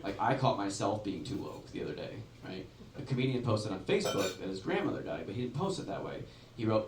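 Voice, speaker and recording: A man's voice: fairly low pitch, big pitch swings, fairly quick, slight background noise. Casting note: male stand-up comic, loose and rambling, filler-heavy delivery, echoing club recorded from a distance. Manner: rambling and conversational, full of "like" and "right?". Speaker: stand-up comedian. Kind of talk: stand-up comedy set. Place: comedy club on stage.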